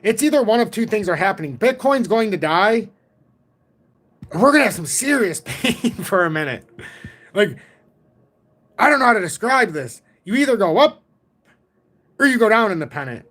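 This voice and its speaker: A man in his forties hosting a casual livestream about crypto charts, talking in an excitable, rambling way from home. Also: high-pitched, normal speed, long pauses. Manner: rambling, excitable, self-taught trader talk.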